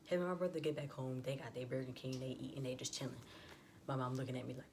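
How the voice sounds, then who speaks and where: A woman's voice: a bass voice, fairly even intonation, fast talker, a little mellow, slight background noise. A young adult woman vlogger telling a personal story in a chatty, casual way, full of "like" and quoted dialogue.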